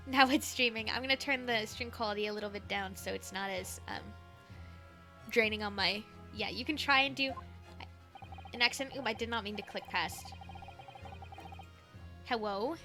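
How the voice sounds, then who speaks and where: Woman streamer, casual playful chat, giggly, fairly high voice, light game music. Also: sharp tone. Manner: giggly, loose, swears playfully.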